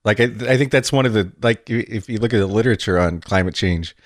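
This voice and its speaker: A man speaking hesitantly in casual conversation, stopping and restarting. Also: lowish voice. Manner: hesitant, halting.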